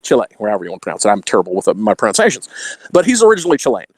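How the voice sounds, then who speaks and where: A man's voice: on the low side, huge pitch swings, racing, husky, dry recording. A man from Texas with a Texan accent, a podcast guest chatting casually, laughing between thoughts, with a slight radio voice on.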